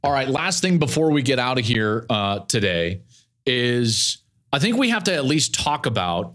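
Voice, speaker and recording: A middle-aged man hosts a sports opinion show, analyzing college football. His voice sits in the mid-range, and his delivery is emphatic and animated, with phrases repeated for effect.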